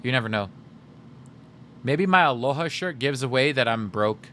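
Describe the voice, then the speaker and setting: A man's voice: medium pitch, expressive, normal speed, fairly bright tone, a little hiss or hum. A male game streamer in casual livestream chat, joking and chatty as he reads chat aloud.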